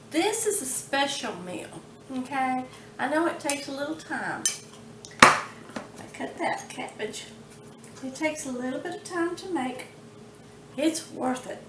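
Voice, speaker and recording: This cooking channel host has a high, lively voice and keeps her home-kitchen vlog chat warm, slow and homey, laughing frequently. The recording sounds roomy and picks up background noise.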